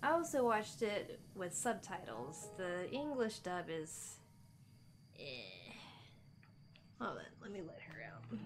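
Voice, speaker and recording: A woman's voice: lowish voice, wildly swooping pitch, slow pace, noisy background. A woman streamer chatting casually with viewers while she plays, laughing often and cooing at her pet. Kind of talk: casual live-stream chat.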